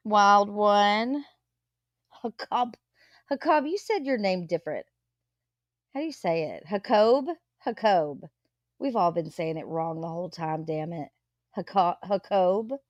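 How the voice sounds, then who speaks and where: A woman's voice: mid-range voice, measured pace, no echo. A woman hosting a casual live chat, gossiping, greeting viewers and swearing freely. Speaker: livestream host.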